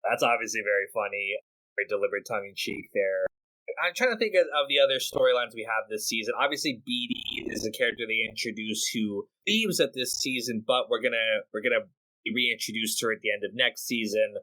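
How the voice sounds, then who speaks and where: A man hosting a podcast in casual chat. His voice is bright and forceful, and he works through his thoughts aloud, often repeating words as he restarts. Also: on the low side, fast talker, low-quality recording. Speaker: podcast host.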